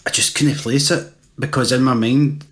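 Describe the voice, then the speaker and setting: A man's voice: mid-range voice, fairly even intonation, normal speed. A Scottish man co-hosting a podcast, chatting casually in sweary, laughing, ranting banter. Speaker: podcast co-host. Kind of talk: casual chat.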